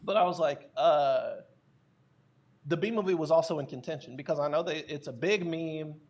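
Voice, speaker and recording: A man as a podcast guest telling casual, animated stories, with many fillers and restarts. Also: a little high, moderate pace. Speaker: guest, content creator.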